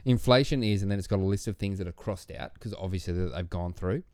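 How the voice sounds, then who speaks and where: A man co-hosting a podcast in casual chat, blunt and animated, with casual swearing. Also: deep voice, fast talker, no echo, clean studio sound. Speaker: podcast co-host, librarian.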